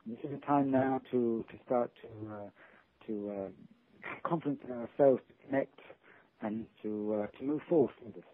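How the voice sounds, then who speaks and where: A male author guest talking earnestly in a casual interview, halting often and restarting his sentences. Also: medium pitch. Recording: tinny phone line.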